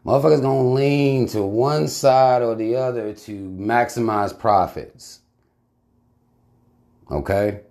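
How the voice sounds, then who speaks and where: A man's voice: mid-range voice, takes it slowly, creaky, mellow. A man hosting his channel, talking bluntly in casual commentary with heavy swearing. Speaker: channel host reacting to a video.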